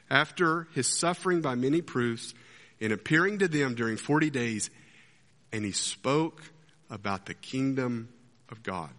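A man preaching a sermon as pastor, an animated storyteller who acts out scenes as he talks. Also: mid-range voice. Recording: long hall reverb.

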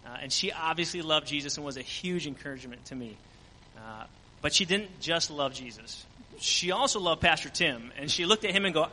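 Bright-voiced man telling a mission story. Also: a little high, expressive, brisk, few pauses, big-room sound, slight background noise, poor audio. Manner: earnest storytelling with frequent fillers. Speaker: mission trip team member. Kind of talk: church mission testimony.

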